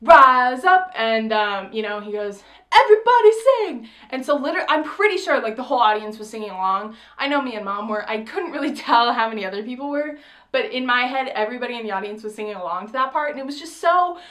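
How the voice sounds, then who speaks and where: Young woman rambling storytime vlog, kinda high voice, lots of "like". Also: fast. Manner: chatty, says "like" often, quotes herself excitedly. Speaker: vlogger.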